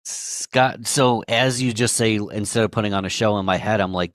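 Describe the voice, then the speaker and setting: Low-voiced man hosting a podcast. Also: moderate pace, dry recording, clean studio sound. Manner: reflective, loosely phrased, steers the conversation. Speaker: podcast host. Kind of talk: casual interview chat.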